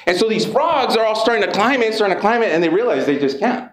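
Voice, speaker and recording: A man giving an energetic, profane motivational talk to a live audience, calling out to the crowd. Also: sits high, fast talker. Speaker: motivational speaker. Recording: echoey room with background noise.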